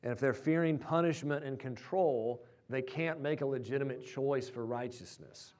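A man preaching a sermon, telling stories that build loud and high at their peaks. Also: moderate pace. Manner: storytelling, rising loud and high at climaxes. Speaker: pastor.

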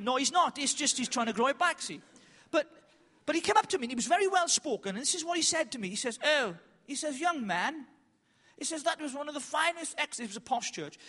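High, bright-voiced preacher in a hall. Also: male voice. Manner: animated, self-mocking, loud bursts and slow emphatic lines. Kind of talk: conference sermon with storytelling. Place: large hall with an audience. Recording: reverberant hall.

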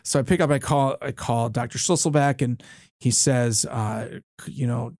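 A lawyer in his thirties who chairs a university board tells a story as a guest in a casual studio interview, often restarting and using fillers. His voice is medium-pitched, moderately paced and a little mellow, recorded dry and clean.

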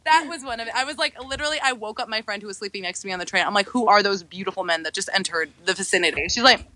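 A woman chatting as a podcast guest, telling animated stories and acting out the people in them. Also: racing, dry recording. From United States. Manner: animated storyteller, acts out quotes in high voices. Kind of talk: casual chat.

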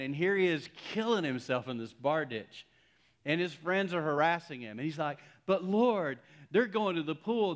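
A middle-aged man preaching a sermon, telling a story and swinging between loud exclamations and hushed, near-whispered lines. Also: medium pitch. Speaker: pastor.

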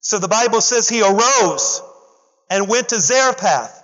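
In a church, a man preaches an animated sermon, voicing the story's characters in casual slang and calling on the congregation to respond. His voice sits high and his pace is measured. The recording is lo-fi, with a big-room sound.

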